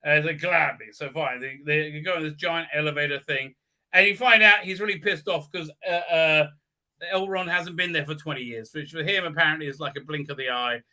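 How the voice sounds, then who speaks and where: A man's voice: on the high side, brisk, bright, forceful tone. A man hosting a live stream, recapping an episode in a sarcastic, profane way with many hesitant fillers.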